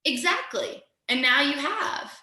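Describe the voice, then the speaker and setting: A woman's voice: high voice, animated, measured pace, pushed and bright, roomy sound. A woman teacher leading a guided mindfulness lesson over a video call, upbeat and encouraging as she talks straight to her students.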